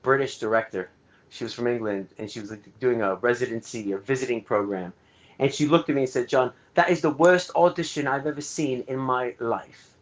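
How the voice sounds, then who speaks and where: A man from Canada, a guest film director, chatting casually in an interview and telling his story candidly, with plenty of swearing and fillers. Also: mid-range voice.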